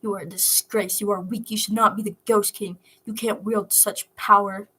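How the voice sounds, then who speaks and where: A woman reading aloud, voicing a cold, contemptuous god who scorns his son, in a breathy voice. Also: medium pitch, level tone, normal speed, bright, forceful tone. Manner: scornful, cutting.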